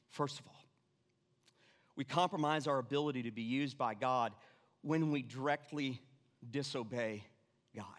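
A man preaching a sermon, animated, repeating his lines and dropping suddenly to quiet. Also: medium pitch. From Irish family background. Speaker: pastor. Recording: long reverb of a church hall.

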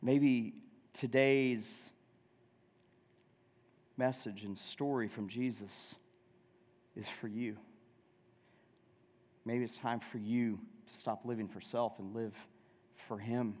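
A male pastor preaches in a conversational way, asking his congregation questions, his voice medium-pitched and a little mellow with fairly even intonation. He speaks slowly, leaving long pauses, and the church sanctuary gives the recording a long reverb.

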